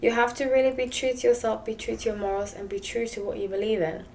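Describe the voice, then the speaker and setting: A woman's voice: on the high side, steady tone, fast, creaky, darkish tone, a little hiss or hum. A woman with a South African English accent, a tarot reader talking casually and rambling, with frequent laughter. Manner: chatty, rambling, laughs often. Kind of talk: casual tarot reading monologue.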